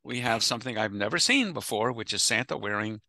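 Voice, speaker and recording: Chatty rabbi with a bright, dry voice. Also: male voice, on the low side, animated, a little fast, vocal fry, no room sound. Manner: chatty, digressive, laughs easily. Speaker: rabbi teaching a class. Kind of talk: casual adult-education lecture. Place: online video call. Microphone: video call.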